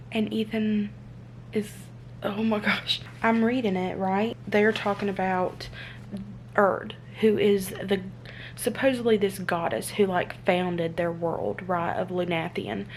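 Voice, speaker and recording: A young woman with a drawl talks casually to her phone camera, excitable and full of rhetorical questions. Her pitch sits in a middle range. A faint hum runs in the background. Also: takes it slowly. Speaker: book vlogger. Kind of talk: casual reading vlog chat. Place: indoors, then moving between spots without a tripod.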